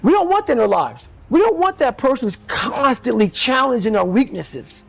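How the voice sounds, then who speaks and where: A man's voice: very high voice, very animated, moderate pace, vocal fry, fairly bright tone, soft background music. A man giving an intense, blunt motivational speech in an emphatic manner. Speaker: motivational speaker.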